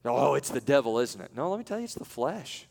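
A male preacher delivering a sermon that drifts between chatty, half-finished asides and sudden high, forceful bursts of emphasis. His voice sits at an ordinary middle pitch. It rings with a long hall reverb. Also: very animated, fairly quick, creaky. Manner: swings from loud emphatic peaks to quiet asides; conversational, with self-interruptions and light laughs. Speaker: pastor.

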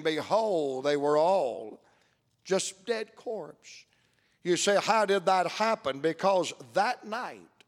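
An older man preaching a sermon as pastor, reading scripture aloud and stretching out key words between long pauses. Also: sits high, in a large hall.

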